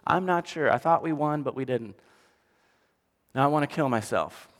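A man voicing a weary, despairing male prophet who talks in a bewildered, halting way. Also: a little high, animated, lightly acted. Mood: defeated. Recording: long hall reverb.

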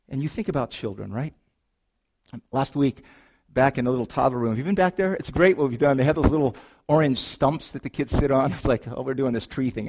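A middle-aged man preaching a sermon from a church pulpit. His voice sits at an ordinary middle pitch. He swings from animated storytelling to soft, earnest reflection. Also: gravelly. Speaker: pastor. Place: church sanctuary.

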